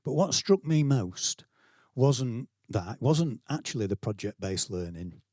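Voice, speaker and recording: A man's voice: medium pitch, expressive, unhurried, dark tone, no echo, studio quality. A middle-aged man with a Yorkshire accent giving a conference talk to staff, conversational and self-deprecating, acting out quotes as he tells stories. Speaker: keynote speaker, school leader. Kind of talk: conference talk, anecdotal storytelling. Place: conference venue, speaking to staff.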